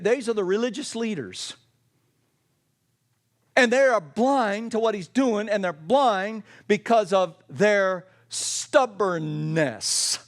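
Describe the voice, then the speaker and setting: A pastor preaching a sermon with emphatic, repetitive phrasing and folksy asides. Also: male voice, high-pitched.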